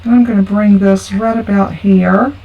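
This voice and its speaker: A woman's voice: mid-range voice, steady tone, normal speed, dull audio. A woman, talking through a card-making tutorial in a chatty, homey way. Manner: chatty, homey, talks through each step. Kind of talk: casual craft tutorial. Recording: from a distance with faint background noise.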